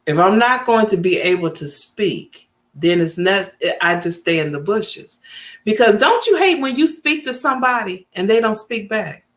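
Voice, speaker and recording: A woman's voice: medium pitch, lively intonation, normal speed. A woman, chatting casually with viewers as host of her livestream. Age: 50s. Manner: chatty, talks straight to viewers.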